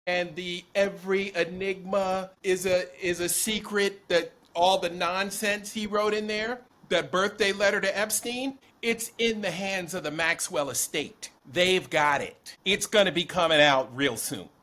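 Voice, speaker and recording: A man with a high, lively voice co-hosts a casual political chat. His tone is bright and forceful, and he drives each point home with emphatic insistence. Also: a little slow, few pauses. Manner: animated, emphatic, predicting. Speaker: podcast co-host.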